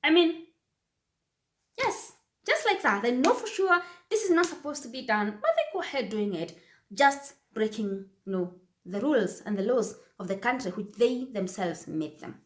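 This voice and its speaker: A woman talks casually to her viewers, often repeating phrases for emphasis. Her voice sits fairly high and swings widely in pitch. The room around her is echoey. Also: animated, normal speed. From Kenya. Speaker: vlogger. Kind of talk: casual talk to camera.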